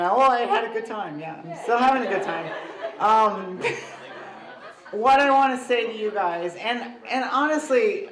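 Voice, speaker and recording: Giggly mother of the groom toasting. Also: medium pitch. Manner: rambling, giggly, self-deprecating. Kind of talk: tipsy wedding toast. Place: wedding reception in a barn. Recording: echoey reception hall with crowd.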